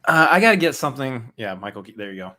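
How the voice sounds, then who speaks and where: A man co-hosting a film podcast, chatting casually in a rambling, halting way with plenty of fillers. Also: medium pitch, sing-song, bright, forceful tone. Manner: rambling, halting, self-deprecating. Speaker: podcast co-host. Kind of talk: casual chat.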